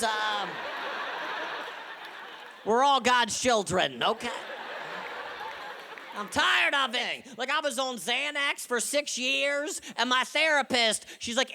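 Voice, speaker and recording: A male stand-up comic whose voice sits very high and sharp, with a gravelly edge. He tells anxious, self-mocking jokes and shouts his punchlines. He is recorded on a stage mic with faint noise behind. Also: slow pace, long pauses. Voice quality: high, bright voice often taken for a woman's. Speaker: stand-up comedian. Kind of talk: stand-up set.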